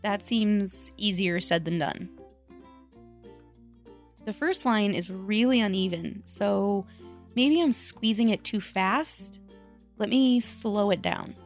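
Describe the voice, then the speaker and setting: A woman crafter talking casually to her viewers in a chatty, self-deprecating way, thinking out loud as she works. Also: medium pitch, slow pace, pauses often, faint music behind. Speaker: craft vlogger. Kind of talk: casual voice-over vlog.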